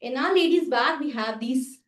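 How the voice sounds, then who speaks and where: A woman's voice: sits high, moderate pace. A woman with an Indian English accent, leading an etiquette workshop and repeating phrases as she demonstrates. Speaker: etiquette trainer. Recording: echoey room, mic at a distance.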